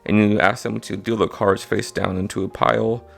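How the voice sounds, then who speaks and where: Gravelly man teaching card tricks. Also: on the low side, little pitch movement, brisk. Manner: casual, repeats "all right?" to check in. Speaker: magic instructor.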